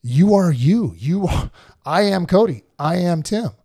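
In a casual spiritual chat, a podcast co-host with a high, slightly rough voice keeps a measured pace. His storytelling is animated, and he acts out the voices of others.

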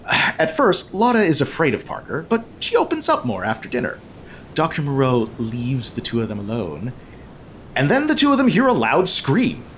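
A man's voice: mid-range voice, wildly swooping pitch, normal speed, a bit bright, slight background noise. A man hosting a podcast, recapping a movie in a casual, sarcastic, joking way with frequent swearing. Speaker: podcast host.

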